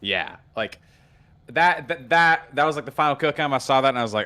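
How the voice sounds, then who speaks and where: A man's voice: mid-range voice, animated, moderate pace, sharp tone. A man chatting casually on a gaming stream, often repeating words as he starts a thought.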